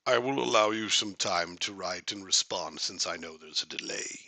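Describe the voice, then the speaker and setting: A man's voice: low voice, moderate pace, sharp tone, no echo. A man hosting a casual live stream, chatting with viewers in a rambling, joking way, full of fillers and restarts.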